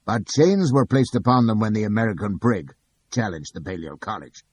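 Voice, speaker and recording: A man voicing a loud, hectoring male prosecutor in a courtroom scene of an audiobook, with a husky voice. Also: on the low side, animated, moderate pace, dry recording, pitched above the performer's own voice. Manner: bawling, hectoring.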